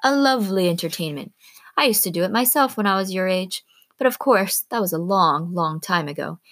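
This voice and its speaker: A woman voicing a tall, charming male stranger who speaks in a light, smooth, ingratiating way. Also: medium pitch, animated, a little fast, fairly bright tone, no echo, clean studio sound, close to an everyday voice.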